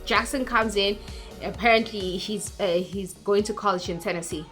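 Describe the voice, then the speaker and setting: A woman's voice: mid-range voice, normal speed, fairly bright tone, soft background music. A woman recapping a movie in a chatty, mocking way, acting out characters as she goes. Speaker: YouTuber.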